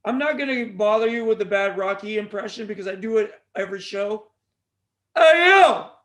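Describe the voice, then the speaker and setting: Brief: male podcast host, high voice, loose rambling monologue full of jokes and tangents. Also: fairly even intonation, a little fast. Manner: jokey, goes off on tangents, plugs the show.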